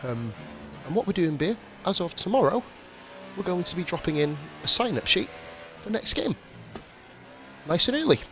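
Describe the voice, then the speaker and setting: A man's voice: high voice, big pitch swings, moderate pace, sharp tone, a little hiss or hum. A chatty man hosting esports race commentary, nursing a nagging cough and swearing freely. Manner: chatty, swearing, self-mocking. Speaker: race commentator and stream host. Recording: racing game engines behind.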